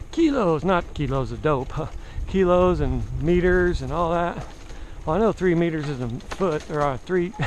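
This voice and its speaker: Man, mild southern accent, casual vlog chat, rambling, slightly high voice, outdoors on a bike, faint background noise. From Southern United States. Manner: rambling, chatty, self-mocking. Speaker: travel vlogger. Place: outdoors, riding a bicycle.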